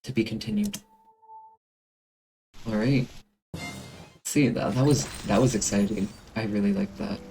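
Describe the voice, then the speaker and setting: A man's voice: lowish voice, normal speed, dark tone, soft background music, low-quality recording. A man streaming a game, chatting casually and enthusiastically with lots of fillers.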